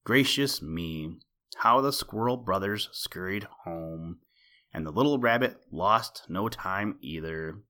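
A man reading a children's story aloud as the podcast host, gentle and unhurried, with rhyming asides. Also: deep voice, lively intonation. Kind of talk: storybook read-aloud narration.

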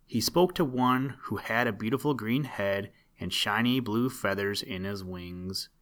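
Calm man reading children's stories. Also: fairly low pitch, a little slow. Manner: calm, earnest storyteller. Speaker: host and narrator.

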